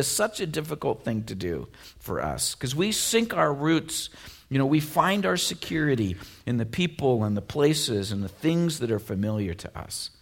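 A man delivers a sermon in a conversational way, leaning on "you know" and "like" as he goes. His voice sits on the lower side, and he sounds animated. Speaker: pastor. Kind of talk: casual sermon.

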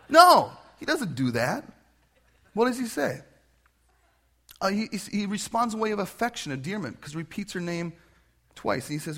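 Male pastor, fairly high voice, chatty and animated sermon delivery. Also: moderate pace, long pauses. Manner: conversational, animated with questions.

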